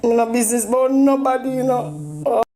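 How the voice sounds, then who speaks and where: Jamaican lady on a live, kinda high voice, annoyed and cussing. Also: little pitch movement, brisk, warm tone. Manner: indignant, complaining, swears. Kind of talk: angry livestream talk.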